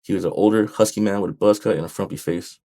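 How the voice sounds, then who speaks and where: A man's voice: on the low side, steady tone, fast, warm tone. A man reading his own memoir aloud in a blunt, wry manner with occasional profanity. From United States. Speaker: author narrating his memoir. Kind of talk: audiobook memoir narration.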